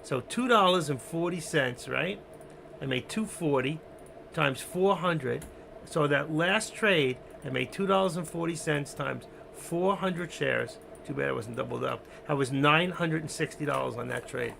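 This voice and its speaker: A man's voice: a little slow, pushed and bright, a little hiss or hum. A man hosting a live trading stream, rambling casually about his trades and breaking off to talk to his cat. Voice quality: gravelly. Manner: rambling, talks to his cat in a high sing-song voice.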